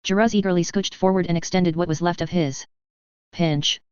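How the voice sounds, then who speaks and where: A woman reading a story aloud in a steady, plain manner, with a low, very clear, smooth voice. The recording is dry and close, with a slightly dull, muffled top end. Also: moderate pace, no room sound. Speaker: narrator. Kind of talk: audiobook narration.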